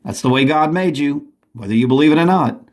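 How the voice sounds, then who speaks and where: A man's voice: a little high, fairly quick. A man delivering an urgent, agitated monologue from home, often restarting his sentences. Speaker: vlogger. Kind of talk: rambling monologue to camera.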